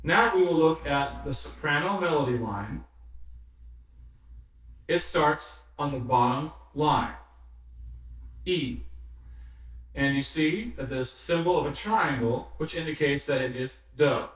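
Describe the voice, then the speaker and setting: Slow, patient man teaching music. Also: fairly high pitch, a bit bright. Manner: patient, counts rhythms and sings solfege aloud. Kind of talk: slow instructional explanation. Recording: very echoey room, somewhat distant mic.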